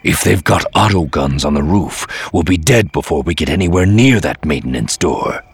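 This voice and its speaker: A wary, grim male Sith warrior, put on by a man reading aloud speaks in a clipped growl. The voice sits at the very bottom of the range, gravelly and rough. It sounds close and dry. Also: rumbling low, lively intonation, moderate pace, no room sound, full character voice. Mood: tense.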